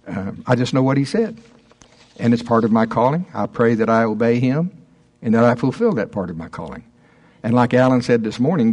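A man's voice: medium pitch, darkish tone, breathy edge. A man in his sixties, a minister teaching a small group in an informal talk, often stopping and restarting his sentences. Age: 60s. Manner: halting, stops and restarts often, chuckles between thoughts.

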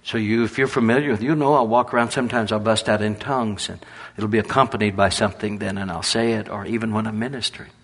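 An older man preaching, telling animated folksy stories and laughing through them. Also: lowish voice, fast, hardly any pauses. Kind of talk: storytelling sermon.

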